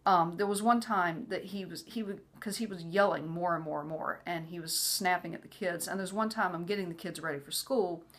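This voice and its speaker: A woman's voice: on the low side, a little fast, few pauses. A woman telling a personal story in a casual way, with many "you know" fillers, sometimes acting out what others said. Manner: frequent "you know" fillers, acts out quoted voices. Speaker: vlogger sharing personal story.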